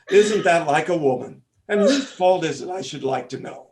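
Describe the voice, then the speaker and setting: A man's voice: fairly high pitch, lively intonation, a little slow, a little mellow. A man playing a fussy, pompous father of the bride on stage. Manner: pompous, fussing. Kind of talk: stage comic opera acting.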